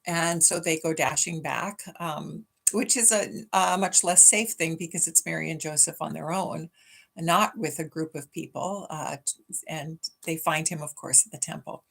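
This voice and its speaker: A woman's voice: low voice, moderate pace, vocal fry, a bit bright. A woman church minister giving a weekly message, telling a children's story from memory in a chatty, affectionate way.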